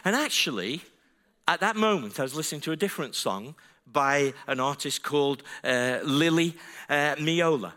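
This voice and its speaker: Bright-voiced male pastor preaching. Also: fairly high pitch, animated, moderate pace. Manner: chatty, self-deprecating, builds to fervent emphasis. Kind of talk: sermon with storytelling.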